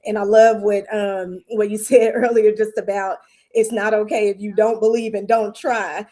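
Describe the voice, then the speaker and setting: Mellow-voiced woman principal. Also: medium pitch, level tone, normal speed. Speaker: school principal. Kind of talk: reflective panel talk.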